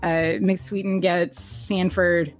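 A woman casually recapping a TV episode as a podcast co-host, animated and laughing often, jumping up in pitch when she quotes characters. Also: slow pace, soft background music. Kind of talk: casual chat.

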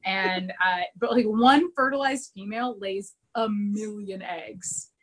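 A woman's voice: medium pitch, takes it slowly, fairly bright tone. Chatty woman recapping with many fillers. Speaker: podcast host recapping a TV episode. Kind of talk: casual chat.

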